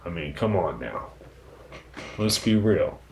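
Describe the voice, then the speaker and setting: Low-voiced man cursing through a rambling monologue. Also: sing-song, slow, slight background noise. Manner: profane, rambling, conversational; frequent "you know what I'm saying" fillers. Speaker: podcast host. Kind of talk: casual solo monologue.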